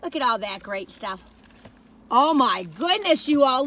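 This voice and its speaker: A woman's voice: on the high side, animated, a little fast, noisy background. A woman in her sixties rambles chattily through a food review, talking straight to her viewers from inside a parked car on a phone camera. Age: 60s.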